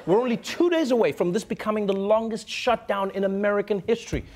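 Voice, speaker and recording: A man hosting a late-night comedy show, delivering a jokey news monologue in an animated manner. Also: sits high, fast. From Africa. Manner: animated, jokey, puts on silly voices.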